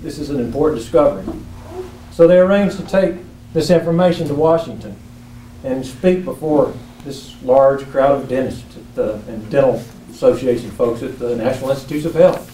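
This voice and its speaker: A man's voice: mid-range voice, normal speed, dark tone. Earnest man at a distant echoey mic. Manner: earnest storytelling, rising to emotional urgency. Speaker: public commenter at a town council meeting. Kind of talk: impassioned public comment speech. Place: town council meeting room. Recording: echoey council chamber, mic at a distance, faint hum.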